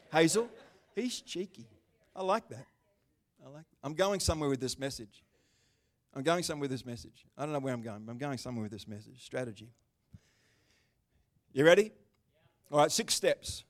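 A man preaching in a church service, his voice sitting high for a man. He swings from rising, emphatic bursts to quiet, joking remarks aimed at people in the pews. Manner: animated preaching, swings between loud bursts and calm asides; talks with the congregation by name, chatty and joking. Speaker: pastor. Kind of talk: sermon.

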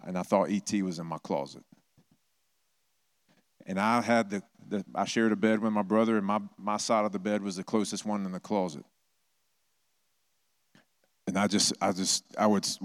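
Speaking in a low voice, this middle-aged pastor gives his sermon loosely and conversationally, acting out quoted voices in quick impressions as he tells stories. He sprinkles in self-deprecating humor. The sound is dry and captured close to the microphone.

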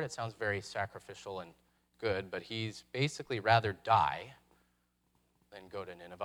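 A man's voice: lowish voice, a bit bright. Reflective male pastor preaching. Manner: reflective, with dramatic pauses and rhetorical questions. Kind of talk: sermon.

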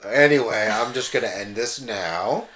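A man's voice: on the low side, a little slow, crowd noise. A man cohosting a podcast in casual chat, rambling and joking and slipping into silly voices, recorded in an echoey room. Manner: rambling, jokey, slips into voices.

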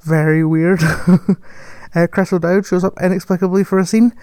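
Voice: mid-range voice, fairly even intonation, moderate pace, a little mellow, smooth, dry recording. A person chatting casually about a film, rambling, correcting themselves and laughing often. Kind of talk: casual film review chat.

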